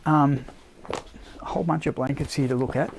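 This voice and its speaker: A man's voice: medium pitch, fairly even intonation, moderate pace, gravelly, background noise. A man presenting blankets on a casual live stream, talking unscripted and searching for words as he goes. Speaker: product presenter.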